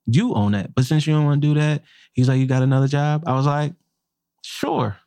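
This chef and podcast co-host speaks briskly in a fairly high, clear, resonant voice, captured as a dry, studio-quality recording. He tells a profane workplace story casually and animatedly, acting out what people said.

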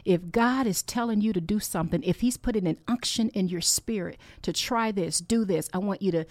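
In a dry recording, a woman with a medium-pitched, darkish voice talks a little fast as she hosts a faith podcast. She's heartfelt and exhorting, earnestly encouraging listeners while her personal stories ramble and restart.

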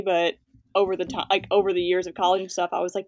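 A woman in her twenties, a guest influencer, chatting casually and quickly with lots of fillers and laughs. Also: on the low side, little pitch movement, no room sound. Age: 20s. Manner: fast-talking, filler-heavy, laughing. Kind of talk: casual interview chat.

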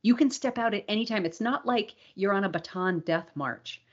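A woman's voice: medium pitch, normal speed, breathy edge, lo-fi sound. A woman co-hosting a podcast, talking in an earnest, reflective way in casual conversation. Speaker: podcast co-host.

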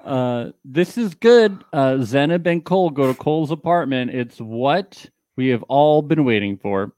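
A man chatting casually as a podcast co-host, trading jokes about a reality show and slipping into a mock drawl for quotes. His voice sits at a middle pitch. The sound is dry and close. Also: animated, a little slow, a little mellow, no room sound. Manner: jokey, puts on mock Texas drawl when quoting.

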